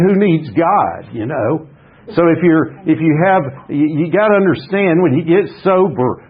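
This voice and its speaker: A man's voice: on the high side, slightly rough. A man, sharing his story at a recovery meeting in a blunt, rambling, folksy way full of restarts. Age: 60s. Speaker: AA speaker. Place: meeting hall. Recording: muffled lo-fi meeting recording.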